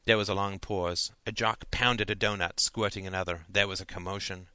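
Bright, dry-voiced male audiobook narrator. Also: low voice, level tone, moderate pace, no echo.

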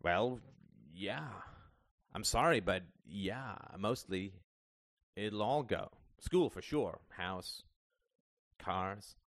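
Man voicing a middle-aged dad, anxious talker, swears casually, low-set voice. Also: lively intonation, extremely slow, a bit bright, dry recording, studio quality, exaggerated voice. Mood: wheedling. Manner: rambling, wheedling, swearing. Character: middle-aged father, rambling, anxious, blustery.

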